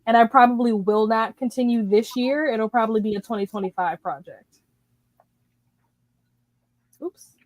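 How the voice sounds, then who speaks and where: A woman's voice: a little high, normal speed, pauses often, darkish tone, no room sound. A woman in her thirties hosting a casual livestream, greeting viewers by name as she chats about books. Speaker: livestream host.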